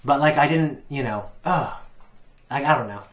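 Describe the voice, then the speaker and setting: A man's voice: mid-range voice, moderate pace, a bit bright. A man giving a casual, rambling TV episode review, swearing freely and filling gaps with "like" and "you know". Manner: rambling, swears, lots of fillers. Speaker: reaction channel host.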